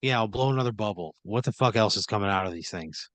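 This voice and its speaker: A man taking part as a player in an improvised story game, thinking out loud and swearing in disbelief. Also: on the low side, fast, dry recording. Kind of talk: casual improvised role-play.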